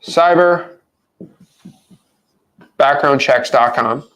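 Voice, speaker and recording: A man coaching on real estate wholesaling in a casual teaching video, animated and full of rhetorical questions. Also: mid-range voice, extremely slow, smooth.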